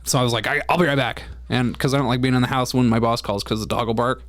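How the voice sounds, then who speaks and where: Male co-host, candid and profane storyteller, average pitch, dry close sound. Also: steady tone, fast, fairly bright tone, no echo. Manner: candid storytelling, swears freely. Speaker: podcast co-host. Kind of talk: casual chat.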